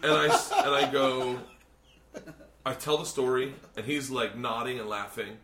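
A man hosting a podcast, telling a long story in casual chat, swearing a lot and rambling with animated energy. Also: medium pitch, measured pace, background noise. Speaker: podcast host and comedian. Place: hotel room. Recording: roomy hotel room echo.

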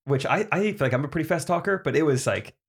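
Brief: man, co-host, slightly high voice, quick and filler-heavy. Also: expressive, creaky, husky. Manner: fast, filler-heavy talk with many "like"s. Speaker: podcast co-host. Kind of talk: casual chat.

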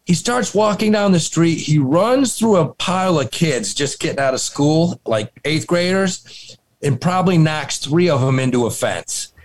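Man, podcast co-host, casual storytelling, lively pitch, animated, swears. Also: a little slow.

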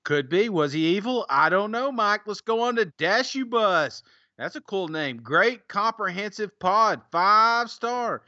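A man's voice: high voice, expressive, measured pace, sharp tone, no echo, muffled recording. A man co-hosting a podcast, reading out listener reviews in a casual, teasing way and laughing often. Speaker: podcast co-host.

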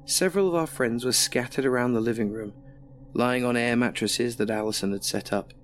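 Male narrator, first-person horror story, measured and dry. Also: medium pitch, faint music behind.

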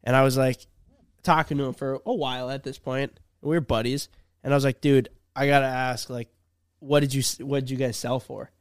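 Smooth-voiced young man telling a story. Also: medium pitch, fairly quick, no room sound, studio quality. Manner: animated storyteller, acts out both sides of a conversation. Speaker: podcast host. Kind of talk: casual podcast chat.

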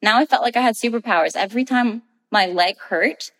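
A woman's voice: a little high, a little fast, fairly bright tone. Cheerful laughing woman in a reverberant space. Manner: laughs often while telling, cheerful. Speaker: guest. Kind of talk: casual storytelling.

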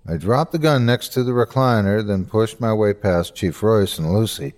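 A man hosting and narrating a scripted horror story with a measured, suspenseful delivery. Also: fairly low pitch, darkish tone. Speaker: host and narrator.

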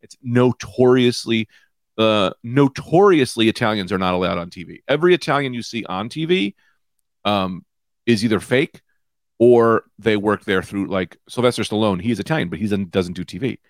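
A man in his thirties hosting his own comedy podcast, high and rambling loosely from one tangent to the next. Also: expressive, moderate pace, dry recording, clean studio sound. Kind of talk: casual comedic monologue. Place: small room with lights out.

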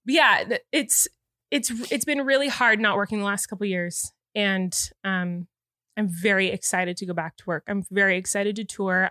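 A woman co-hosting a podcast in casual chat, tearful and emotional, talking quickly and animatedly with laughter breaking in. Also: medium pitch, no echo, clean studio sound. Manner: rapid, animated talk broken by laughs. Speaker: podcast co-host.

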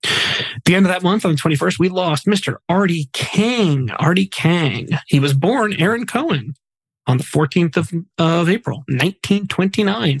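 Male podcast host, slightly high voice, casual reader who slips in jokes. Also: husky, dry recording, rough recording. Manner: chatty, jokey asides between solemn facts. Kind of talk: casual podcast narration of memorial segments.

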